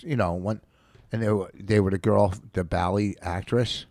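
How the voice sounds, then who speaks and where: A man co-hosting a casual podcast, rambling and swearing freely as he tells a story. His voice sits fairly low and sounds dry and close, with no room echo. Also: fairly even intonation, normal speed, a little mellow. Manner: profane, indignant, rambling storyteller. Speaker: podcast co-host.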